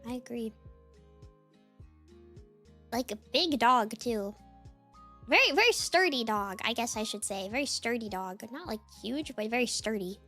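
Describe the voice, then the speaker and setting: Young streamer girl, pretty high voice, rambly with tons of "like"s, faint music behind. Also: a little slow, long pauses. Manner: rambling, many "like" fillers, lively swings. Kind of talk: casual chat with chat readers.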